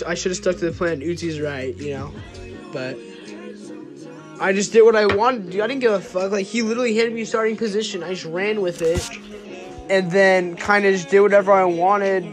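A man's voice: high-pitched, fairly even intonation, normal speed. A young man telling a rambling, profane story in a casual way, with lots of fillers and trailing off. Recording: music playing behind.

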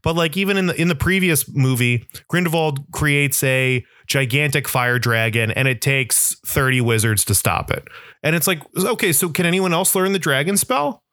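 A man co-hosting a podcast in casual chat, rambling and animated, full of restarts and "like". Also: fairly high pitch, moderate pace, no room sound, studio quality. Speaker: podcast co-host.

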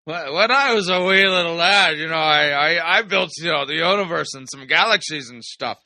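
Mock pirate-dad father voice, proud and jovial, raised and bright, done by a man. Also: on the high side, brisk, no room sound. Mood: boastful fatherly. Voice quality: put-on pirate-style brogue, loud and raised.

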